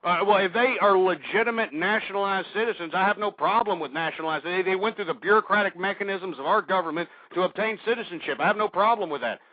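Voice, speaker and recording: A high-voiced man rants angrily as a call-in radio host, snapping and insulting whoever phones in. The sound is dry and thin, squeezed down like an old phone line. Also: quick pace, hardly any pauses, no echo. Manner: abrasive, insulting, shouting at callers. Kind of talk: aggressive talk radio rant. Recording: dry, tinny phone-like audio.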